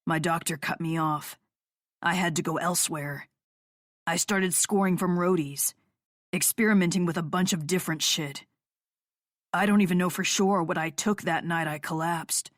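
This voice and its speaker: A woman narrator voicing a bitter male rock musician in an audiobook, in a lower, flat, growling tone. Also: moderate pace, dry recording, studio quality, close to an everyday voice. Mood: confessional. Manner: low, flat, growling delivery. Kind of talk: audiobook character voice.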